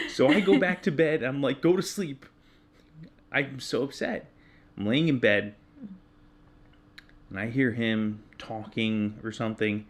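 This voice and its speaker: A man in his thirties telling a personal story in casual chat, candid and self-deprecating, getting animated when he retells his own yelling. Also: mid-range voice, takes it slowly, pauses often. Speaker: podcast co-host.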